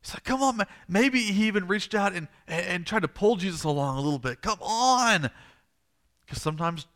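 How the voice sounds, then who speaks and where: Bright-voiced preacher telling a story. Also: male voice, sits high, fast talker. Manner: dramatic storytelling, repeats phrases for emphasis. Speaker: pastor. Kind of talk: sermon.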